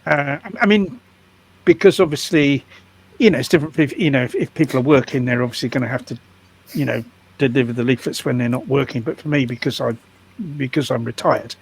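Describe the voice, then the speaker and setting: An older man in casual conversation, halting and stammering through restarts. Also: mid-range voice, gravelly, breathy edge. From United Kingdom. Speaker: guest activist.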